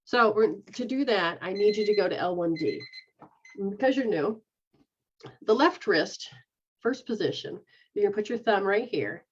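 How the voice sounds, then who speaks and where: A woman's voice: medium pitch, expressive, normal speed, pauses often, husky, highs cut off. A woman leading an energy healing session, voicing her clients' feelings in first person and giving step-by-step hand-position instructions. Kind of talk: guided healing session, casual.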